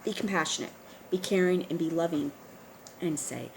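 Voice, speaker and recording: A woman talking straight to her viewers in a casual monologue, earnest and urging, often pausing on fillers and restarting. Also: lowish voice, vocal fry, darkish tone, slight background noise, rough recording. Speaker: online video host. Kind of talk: casual direct-to-camera monologue.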